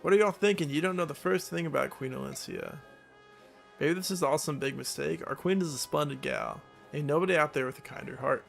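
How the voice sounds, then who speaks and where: A man's voice: on the high side, fairly quick, vocal fry, fairly bright tone, faint music behind. A man voicing a friendly old male farmer in a video game, speaking with a rural American country twang in a folksy, easygoing manner. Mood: indignant.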